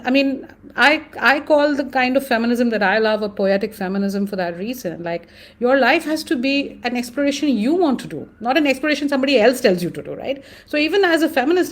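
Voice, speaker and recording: A woman with an Indian English accent, speaking as a guest in an interview, thoughtful and animated, often pausing with fillers. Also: high-pitched. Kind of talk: conversational interview.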